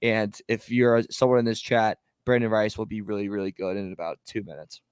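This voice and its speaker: A man co-hosting a sports podcast, talking in an excitable, emphatic way in casual chat. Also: on the low side, brisk, clear, resonant tone, dry recording, studio quality. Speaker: podcast co-host.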